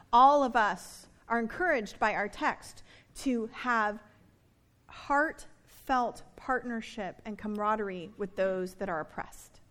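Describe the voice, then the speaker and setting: A woman preaching a sermon in a conversational, animated way, with playful asides to her listeners. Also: medium pitch.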